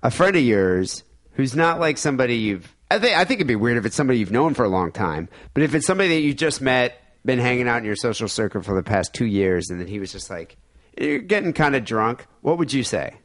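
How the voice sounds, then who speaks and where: Animated rambling male podcast host. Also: fast. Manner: rambling, animated storytelling with sudden jumps in pitch. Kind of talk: casual podcast banter.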